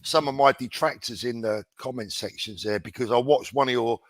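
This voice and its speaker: Man, livestream guest, measured and direct, dry close sound. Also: mid-range voice, no echo. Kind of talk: casual livestream chat.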